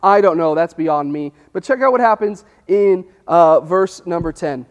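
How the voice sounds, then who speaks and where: A man preaching a casual sermon, telling the story in a chatty, animated way and acting out the quotes. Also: sits high, normal speed, few pauses. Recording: long reverb in a hall.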